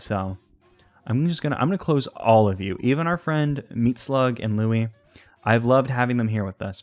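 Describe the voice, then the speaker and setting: A man's voice: on the low side, moderate pace, no room sound. A man hosting a let's play, rambling and hesitant as he talks to the game's pets. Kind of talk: casual game commentary.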